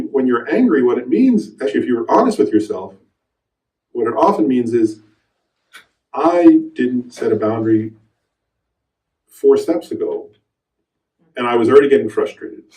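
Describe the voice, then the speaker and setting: A middle-aged man giving a meditation teaching to a group, telling a personal story with animated quoted voices. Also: mid-range voice, normal speed, long pauses. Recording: roomy hall, voice from a distance.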